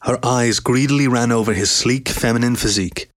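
A man reading a story aloud in an even, steady narration. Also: medium pitch, fairly quick. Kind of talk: scripted narration.

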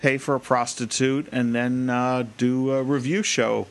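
A man's voice: medium pitch, level tone, a little slow. A man co-hosting a casual podcast, crude, joking and laughing often. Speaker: podcast co-host.

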